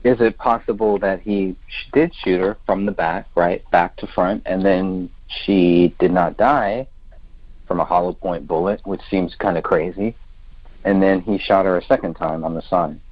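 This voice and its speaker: Deep-voiced man, muffled audio. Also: fairly even intonation, normal speed. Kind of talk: casual podcast discussion.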